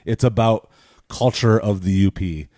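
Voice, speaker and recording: A man's voice: fairly low pitch, unhurried, a little mellow, no echo, studio quality. A man from rural Michigan hosting a casual sports chat show, joking and moving the segments along. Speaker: podcast host.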